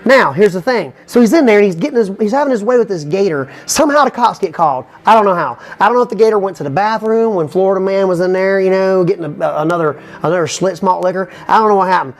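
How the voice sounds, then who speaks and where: A man telling a rambling comic story, animated and full of asides. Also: high-pitched. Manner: fast, animated, repeats "you know what I'm saying". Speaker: comedian.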